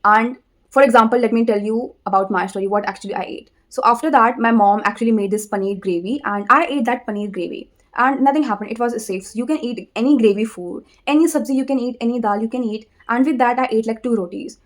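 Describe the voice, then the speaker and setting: Indian woman, chatty and repetitive. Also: a little high. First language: Hindi. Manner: repetitive, conversational, frequent tag "okay?", pauses to think. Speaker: vlogger. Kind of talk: casual advice vlog.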